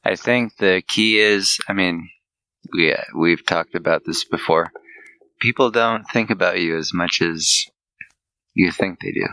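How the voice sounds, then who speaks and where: A young man co-hosting a podcast, speaking calmly in casual chat. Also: sits low, measured pace, no echo, rough recording. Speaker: podcast co-host.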